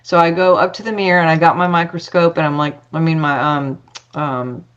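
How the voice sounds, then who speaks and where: A woman's voice: sits low, fairly even intonation, a little fast, smooth, highs cut off. A woman telling a personal story as a podcast guest, chatty, acting out dialogue with lots of fillers.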